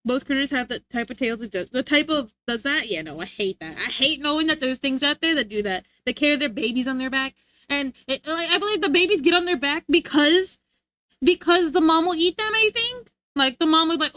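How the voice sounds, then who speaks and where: A woman's voice: high-pitched, normal speed, sharp tone, no room sound. A young adult woman livestreamer chatting casually, rambling and giggling as she reads chat aloud. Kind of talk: casual live-stream chat.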